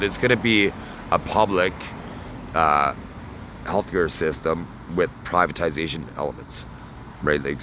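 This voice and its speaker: A man talking casually to camera in a rambling, halting monologue full of fillers and tag questions. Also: extremely low pitch, noisy background. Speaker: vlogger.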